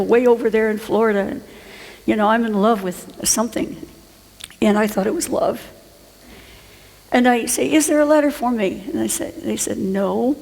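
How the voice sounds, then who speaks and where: A woman's voice: medium pitch, creaky, darkish tone, big-room sound, poor audio. A woman in her sixties telling a rambling personal story to a conference audience. She laughs often and restarts her sentences. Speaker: author and conference speaker. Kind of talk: storytelling talk to a live audience. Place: conference hall.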